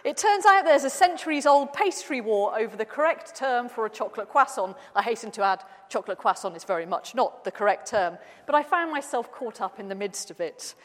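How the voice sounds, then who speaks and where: A woman preaching a sermon, opening with a personal story told with gentle humour. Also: fairly high pitch, expressive, brisk, hardly any pauses, long reverb tail.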